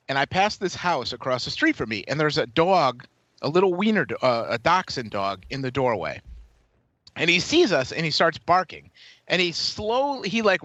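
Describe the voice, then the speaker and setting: High, lively tipsy man ranting. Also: no room sound, lo-fi sound. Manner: profane, ranting storyteller. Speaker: podcast co-host. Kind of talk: casual chat.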